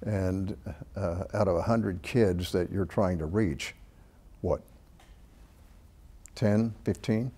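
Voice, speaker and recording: A man hosting an interview, asking halting, searching questions. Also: sits low, mellow, breathy edge. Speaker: host.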